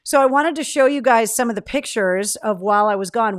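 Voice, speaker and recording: A woman's voice: on the high side, a little fast, no room sound, clean studio sound. A woman host in casual livestream chat, rambling and chatty with many fillers. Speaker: radio host.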